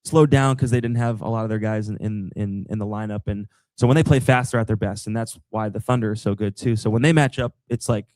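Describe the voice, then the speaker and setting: A young man from the Boston area with no Boston accent, a team TV analyst telling stories and breaking down basketball as a guest on a live podcast, animated and quick with asides. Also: on the low side, no echo. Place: live show with audience.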